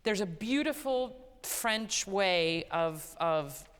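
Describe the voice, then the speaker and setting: Animated woman coaching in a reverberant hall. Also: mid-range voice, slow, clear, resonant tone. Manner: animated, playful, demonstrates by singing phrases. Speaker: vocal master class teacher. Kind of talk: coaching a singer in a master class. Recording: hall reverb, live concert hall.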